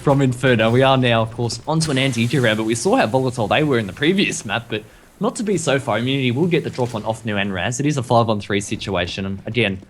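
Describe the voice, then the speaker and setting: Fast-talking male esports caster. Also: medium pitch, slight background noise. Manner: quick, chatty and self-deprecating. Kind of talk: esports commentary.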